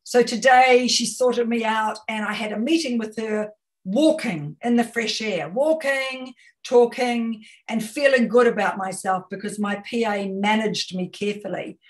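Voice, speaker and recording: A woman with a New Zealand accent, a communication consultant giving an expressive webinar talk over a video call, often repeating words as she goes. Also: fairly high pitch, a little slow, recorded from a distance, poor audio. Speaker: guest speaker, communication consultant.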